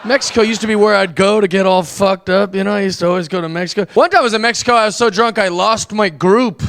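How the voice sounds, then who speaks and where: A man's voice: sits high, fast, fairly bright tone. A man doing a stand-up set, telling profane stories brashly and acting out the people in them. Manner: brash, profane storytelling with quoted voices. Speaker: stand-up comedian. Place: comedy club stage. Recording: live club recording with audience noise. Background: audience laughter.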